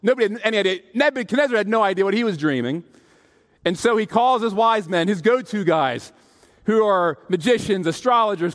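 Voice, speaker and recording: A high-voiced man delivers a sermon, telling stories with lively energy and putting on the voices of the people he quotes. His voice rings out with a long reverb, as in a large hall. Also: brisk. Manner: animated, acts out quoted voices, laughs at own stories. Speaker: preacher. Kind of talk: sermon with storytelling.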